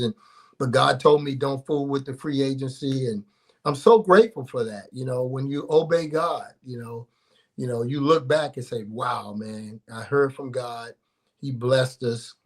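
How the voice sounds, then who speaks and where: Humble, heartfelt man in his sixties. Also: medium pitch. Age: 60s. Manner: heartfelt, humble, playful storytelling. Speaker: guest, former football player. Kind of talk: casual studio chat.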